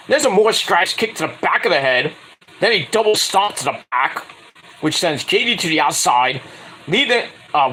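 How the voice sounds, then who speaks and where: A young man recaps a wrestling match in a loose, crude, joking way, stumbling through fillers as he goes. His voice is bright and bouncy, swinging widely in pitch. A faint hiss sits under the recording. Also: poor audio. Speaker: wrestling show reviewer. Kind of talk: casual recap commentary.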